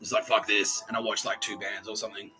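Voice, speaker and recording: A man's voice: on the low side, flat delivery, rapid-fire, over music, rough recording. A man hosting a podcast, telling a rambling comedic story full of swearing. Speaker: podcast host.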